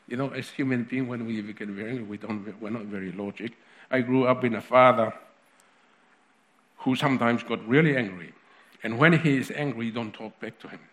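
A man's voice: mid-range voice, a little hiss or hum. A man preaching a sermon in a conversational way, with frequent restarts and asides.

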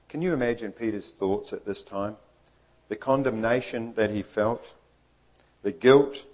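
With a medium-pitched voice on poor audio, an earnest male preacher delivers a sermon full of emphasis and repetition. He acts out the figures he quotes while holding to a steady preaching delivery.

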